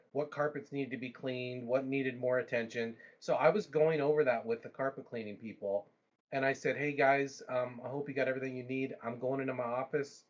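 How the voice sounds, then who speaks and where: A man hosting a livestream, telling a long story in a casual, animated way with frequent restarts and asides. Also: mid-range voice, dull audio. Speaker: livestream host.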